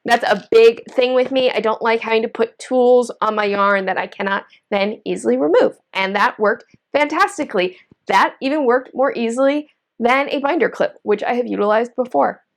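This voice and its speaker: A woman's voice: on the high side, normal speed, gravelly. A woman hosting a knitting video, chatting casually while she demonstrates, enthusiastic and gushing with frequent exclamations.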